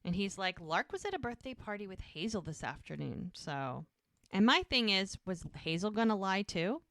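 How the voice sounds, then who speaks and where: A woman co-hosting a podcast casually recaps a scene, acting out the characters' lines. Her medium-pitched voice is expressive, moderately paced and fairly bright, captured in studio quality with no room sound.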